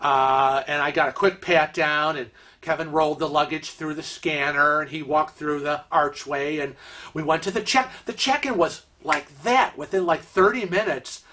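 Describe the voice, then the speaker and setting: Man, cruise vlog host, casual storytelling, lively retelling, somewhat high voice. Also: moderate pace. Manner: rambling, with frequent filler words; lively retelling with acted-out quotes.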